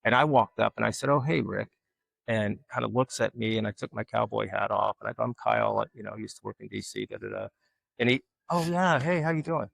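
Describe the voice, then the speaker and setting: Middle-aged southern-born guy from alabama, gravelly low voice, dry close sound, folksy storyteller. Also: fast talker, no room sound. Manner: folksy, animated when quoting others. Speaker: guest artist. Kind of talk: casual storytelling.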